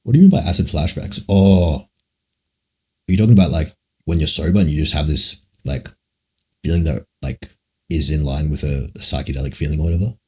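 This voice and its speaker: A man's voice: extremely low pitch, brisk, warm tone, husky. A man streaming live and answering chat questions in a rambling, musing way, swearing often. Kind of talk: casual livestream Q&A.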